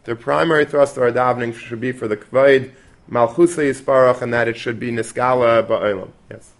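A man's voice: medium pitch, fairly even intonation, fairly quick. A man teaching a Torah class in a conversational way, dropping Yiddish and Hebrew terms and restarting often.

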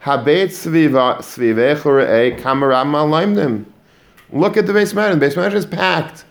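A man's voice: a little high, normal speed, vocal fry. A man voicing a yeshiva staff member who brushes off a father's worry in a coaxing tone.

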